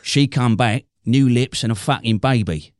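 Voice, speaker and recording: A man co-hosting a podcast interview with deadpan, swaggering, profane comic banter. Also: medium pitch, normal speed, clear, resonant tone, no echo, clean studio sound. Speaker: podcast co-host.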